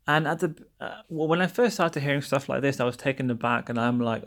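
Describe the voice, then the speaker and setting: A man's voice: medium pitch, steady tone, a little fast, few pauses. A young man from England hosting a podcast, talking in a casual, wry monologue and acting out the exchanges he quotes. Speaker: podcast host.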